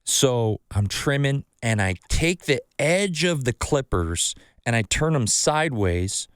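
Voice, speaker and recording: A man's voice: mid-range voice, very animated, slow pace, clear, resonant tone, no room sound, studio quality. A man hosting a casual podcast, telling a rambling story full of profanity and acted-out quotes of himself. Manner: swearing storyteller, acts out his own quotes. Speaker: podcast host.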